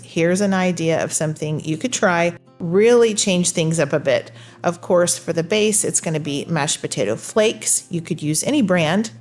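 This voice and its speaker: A woman, hosting a recipe tutorial in a friendly, upbeat instructional manner. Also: on the low side. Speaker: cooking channel host. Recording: faint music behind.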